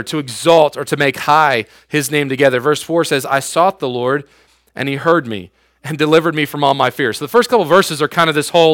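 A man's voice: a little high, fairly bright tone, no echo, clean studio sound. A man in his thirties preaching a youth sermon as youth pastor, casual and slangy, with everyday asides to his listeners.

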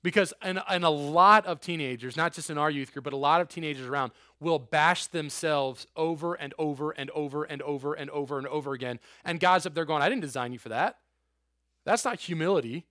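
Young man, youth pastor, casual sermon, fairly high voice, dry close sound. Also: fairly quick, hardly any pauses, dry recording. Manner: casual, animated, acts out quotes with laughs.

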